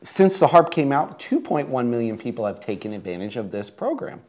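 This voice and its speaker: A man's voice: medium pitch, big pitch swings, fairly quick, a little mellow. A man hosting a local real estate and mortgage TV show, trading playful scripted jokes with his co-host. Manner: joking, playful delivery of gag answers. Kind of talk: scripted TV banter.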